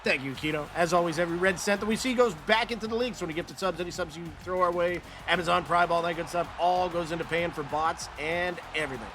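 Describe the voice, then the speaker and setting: A man doing lively play-by-play on a live stream, joking and reading out viewer messages. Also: high voice, quick pace, hardly any pauses. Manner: upbeat, jokey, reads chat aloud. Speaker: play-by-play caster. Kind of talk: live stream game commentary. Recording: stream mic with game music behind.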